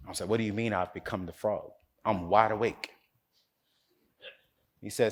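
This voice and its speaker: A man's voice: lowish voice, fairly even intonation, moderate pace, long pauses, slightly rough. A man from North Carolina giving a motivational speech, telling a story with preacher-like crescendos. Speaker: keynote speaker.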